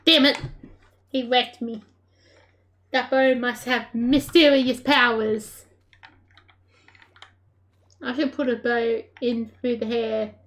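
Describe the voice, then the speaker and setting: A woman giving live gameplay commentary, excitable and laughing often, with playful trash talk at the other players. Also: fairly high pitch, takes it slowly, pauses often. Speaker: gaming creator.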